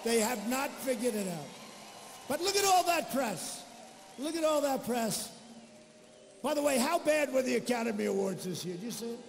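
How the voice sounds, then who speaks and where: A male politician working a rally crowd with boastful, rambling talk and mocking asides. His voice sits unusually high and strained for a man. It booms through a big echoey hall over faint crowd ambience. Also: expressive, moderate pace, vocal fry, slight background noise. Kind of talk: campaign rally speech. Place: large indoor rally venue.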